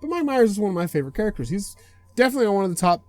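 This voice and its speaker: A man hosting a reaction video, chatting casually in an excitable, rambling way and laughing often. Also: high voice, racing, no echo.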